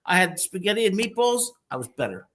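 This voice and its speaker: Boisterous bright-voiced man host. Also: high-pitched, brisk. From New Jersey. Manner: boisterous, jokey, animated storytelling. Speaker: podcast host. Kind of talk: casual sports talk.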